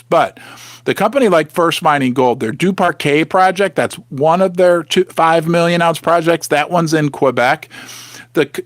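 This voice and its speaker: Lively-voiced middle-aged man hosting a livestream. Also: on the high side, dry recording. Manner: rambling, restarts often, thanks viewers. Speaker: livestream host. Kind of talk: casual livestream chat.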